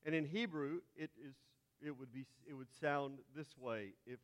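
A man's voice: mid-range voice, normal speed. A man with a Texas accent teaching a Bible class, spelling out terms letter by letter as he lectures. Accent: Texan. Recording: long hall reverb.

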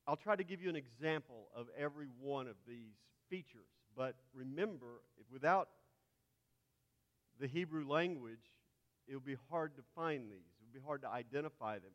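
A man's voice: medium pitch, moderate pace, fairly bright tone. A man with a Texas accent teaching a Bible class, spelling out terms letter by letter as he lectures. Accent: Texan. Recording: long hall reverb.

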